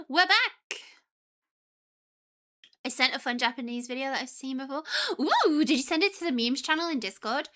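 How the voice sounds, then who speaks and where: A woman's voice: sits high, quick pace, few pauses, bright, forceful tone. A young woman streamer chatting casually, scattered and full of ums, breaking off mid-sentence. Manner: chatty, scattered, lots of ums and self-interruptions. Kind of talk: casual live-stream chat.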